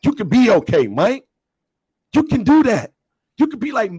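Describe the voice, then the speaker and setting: A man co-hosting a podcast in heated casual banter, loud and teasing, repeating himself insistently. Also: high voice, huge pitch swings, moderate pace, breathy edge, no room sound. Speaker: podcast co-host.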